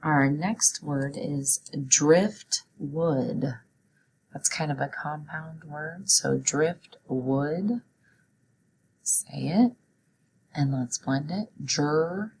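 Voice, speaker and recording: A woman teaching a children's phonics lesson, her voice sitting low for a woman. She moves slowly and clearly, pausing so kids can repeat and write. A faint room ambience hums underneath. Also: darkish tone, a little hiss or hum, low-quality recording. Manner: slow, clear, encouraging teacher talk.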